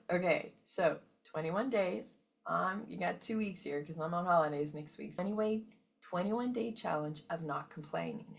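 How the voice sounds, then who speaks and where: A woman host gives a motivational wellness talk in a somewhat low voice with a gravelly edge. She is emphatic, keeps checking in with her listeners, and repeats key points to drive them home. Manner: emphatic, checks in often with okay and right.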